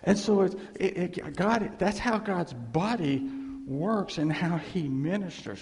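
Gravelly preacher in a reverberant hall. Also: male voice, high-pitched, animated, slow, a little mellow. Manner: storytelling with call-and-response asides. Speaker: pastor. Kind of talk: sermon.

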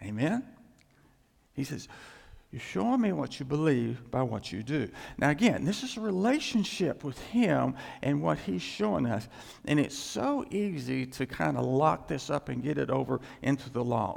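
A male pastor preaching a sermon in an emphatic way, climbing in pitch and loudness to stress his points. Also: big pitch swings, normal speed, vocal fry. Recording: long reverb in a large hall.

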